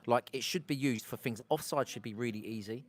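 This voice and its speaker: This Englishman's voice is mid-range and fairly quick. Hosting an informal live stream outdoors on a street, he rambles, cuts into his own sentences, and pauses to address the people tuning in.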